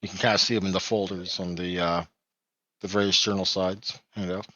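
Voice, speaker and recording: A man with a lowish voice runs a tabletop vampire game, wandering through his notes and stopping to correct himself with a chuckle. The sound is dry and dull, as from a cheap mic. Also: level tone, fairly quick, pushed and bright, no room sound. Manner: rambling, self-correcting, chuckles often. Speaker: game master. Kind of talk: narrating a tabletop game online.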